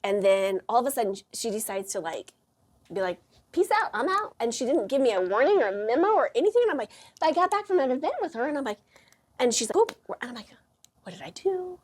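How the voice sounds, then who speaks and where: A woman hosting a casual chat, telling stories with lots of playful acted-out quotes. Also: fast. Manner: animated storyteller, acts out quotes in high voices. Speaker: podcast host.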